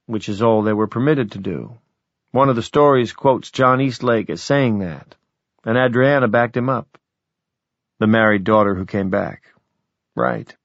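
A man reading a novel aloud as audiobook narrator, measured and even. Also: mid-range voice, dry recording. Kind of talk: scripted narration. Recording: dull, dry audiobook recording.

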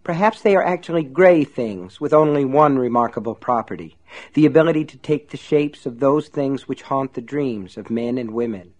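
A man's voice: medium pitch, normal speed, darkish tone, lightly acted. A man voicing a silky, sinister old shopkeeper. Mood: musing, sly. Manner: silky, amused, reproving. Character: sinister, smooth older male shopkeeper.

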